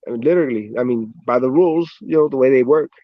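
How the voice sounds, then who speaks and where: A man's voice: medium pitch, fast talker, dry recording, narrow, tinny audio. Laid-back American man telling boxing stories. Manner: laid-back storyteller, swears a lot, says "man" often. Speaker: professional boxer, interview guest. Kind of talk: casual interview chat.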